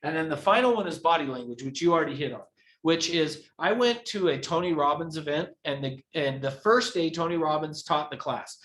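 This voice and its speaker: A man's voice: on the high side, expressive, brisk, a bit bright, a little hiss or hum. A man teaching a live real estate training class who acts out examples as he explains them. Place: training room. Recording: echoey room.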